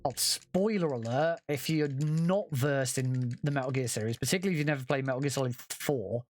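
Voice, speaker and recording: A man's voice: mid-range voice, brisk. A man giving casual, chatty commentary while playing a game, often correcting himself and swearing offhand. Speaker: speedrunner.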